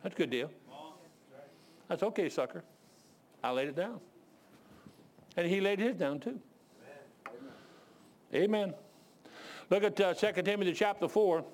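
Animated preacher man, lively pitch. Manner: animated storytelling, shouts voices of others. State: out of breath. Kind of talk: sermon.

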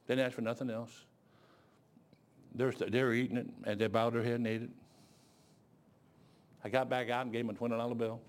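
A man's voice: level tone, a little fast, long pauses. Folksy male pastor preaching. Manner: folksy storytelling, shifts between low asides and loud exclaiming. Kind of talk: sermon.

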